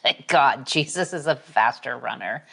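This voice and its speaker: A woman's voice: extremely low pitch, animated, gravelly, fairly bright tone, breathy edge. A woman hosting a podcast, chatting casually and supportively with her guest. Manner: supportive, quick backchannels and laughs. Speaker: podcast host. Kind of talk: casual chat.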